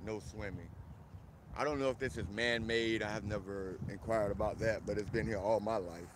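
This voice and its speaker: A man from South Florida chatting casually on a live stream outdoors in a park, animated and greeting viewers by name. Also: fairly low pitch, normal speed, background noise.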